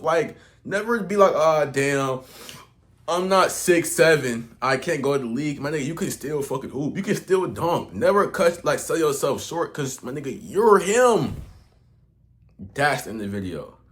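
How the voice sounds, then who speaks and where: Young male online coach, unscripted talk-to-camera vlog, heavy slang and cursing, restarts often, swings from mumbling to loud. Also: medium pitch. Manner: slangy, profane, rambling with restarts and swings in loudness. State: out of breath. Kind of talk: casual motivational rant to camera.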